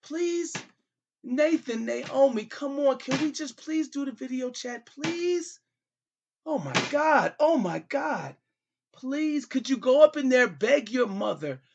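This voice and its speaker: A man's voice: very high voice, animated, takes it slowly, gravelly, a little mellow, lo-fi sound. A middle-aged man hosting a comedy show, talking as a father on a call in a pleading, repetitive, exasperated way.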